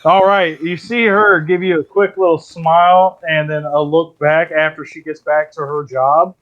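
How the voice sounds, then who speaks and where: A man's voice: on the high side, steady tone, normal speed. A man narrating a tabletop game as dungeon master, loose and joking. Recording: dull lo-fi sound.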